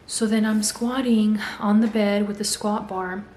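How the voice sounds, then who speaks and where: A young adult woman, a vlogger, tells a story casually in a mid-range, unhurried voice, animatedly acting out the voices she quotes. The recording has an echoey room and a faint hum.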